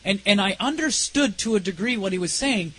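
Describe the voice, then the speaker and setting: A man telling an emotional personal testimony in an earnest, halting way, his voice dropping low and soft at the most intense moments. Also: expressive, low-quality recording. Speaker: speaker sharing a personal testimony.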